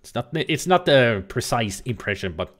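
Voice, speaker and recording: A very animated man with a mid-range, somewhat bright voice narrates a let's-play at a moderate pace. As a streamer he's chatty and rambling, cracking jokes and throwing in the odd swear.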